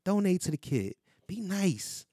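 Podcast guy, kinda high voice, loose and cussing, dry close mic. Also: very animated, a little slow, creaky, mellow, breathy edge, no room sound. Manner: loose, profane banter. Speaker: podcast co-host. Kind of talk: casual chat.

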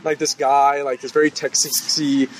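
A man in his twenties from California, a podcast co-host telling profane, animated stories in a casual chat. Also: mid-range voice, normal speed, a little hiss or hum, low-quality recording. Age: 20s. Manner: profane, animated storytelling with acted-out quotes.

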